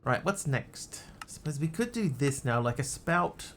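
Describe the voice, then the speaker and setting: Creaky-voiced man streaming a game. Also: fairly high pitch, big pitch swings, a little slow, fairly bright tone, slight background noise. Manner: thinks aloud, muttering asides. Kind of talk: casual live gameplay commentary.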